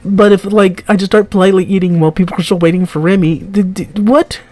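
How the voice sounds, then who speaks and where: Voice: mid-range voice, steady tone, fast talker, a little mellow, no room sound, faint music behind. A streamer reading a text game aloud, giggling often, stumbling over words and asking confused asides.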